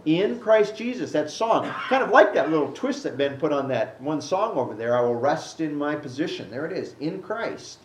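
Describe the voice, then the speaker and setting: A man preaching a Bible-teaching sermon and answering a question from the congregation, animated, acting out the scripture he quotes. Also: fairly high pitch, moderate pace, hardly any pauses, slight background noise. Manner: animated, acts out quotes with rising voice. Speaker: pastor. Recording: echoey room, mic at a distance.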